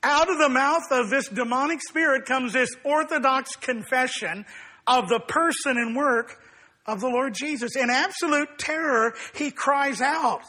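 Brief: man, pastor, sermon delivery, slow and emphatic, husky bright tone. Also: very high voice. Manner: deliberate, emphatic preaching.

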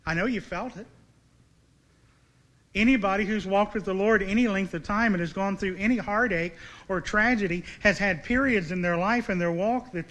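A man's voice: sits high, fairly bright tone. A man preaching a sermon in an earnest way, putting direct questions to his listeners.

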